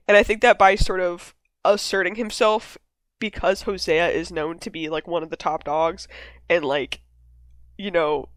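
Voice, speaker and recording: A woman hosting a casual discussion, talking in an animated way, swearing freely and acting out characters' lines. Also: on the low side, moderate pace, dry recording. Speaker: podcast host leading a discussion. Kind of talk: casual chat.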